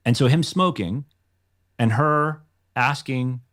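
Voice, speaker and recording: A man's voice: mid-range voice, slow pace, fairly bright tone. A man, guest on a podcast, telling behind-the-scenes stories in a rambling, self-deprecating way with lots of fillers. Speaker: podcast guest, show creator. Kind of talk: casual podcast conversation.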